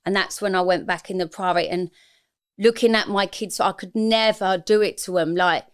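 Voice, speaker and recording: Woman in her 40s, mid pitched, opening up frankly and emotionally in an interview. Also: normal speed, smooth. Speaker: interview guest. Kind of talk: candid interview.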